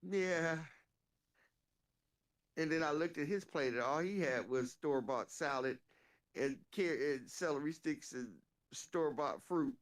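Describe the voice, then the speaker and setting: A woman co-hosting a casual chat, telling animated, profane stories and laughing through them. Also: low voice, measured pace, long pauses.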